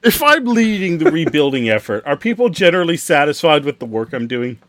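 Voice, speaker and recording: A man co-hosting a podcast who tells stories with deadpan asides in casual banter. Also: on the high side, a little fast, dry recording, clean studio sound. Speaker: podcast co-host.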